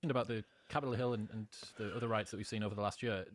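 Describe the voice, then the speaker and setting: A man interviewing in a debate, measured and explaining with examples. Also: lowish voice, fairly even intonation, dry recording. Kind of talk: conversational interview.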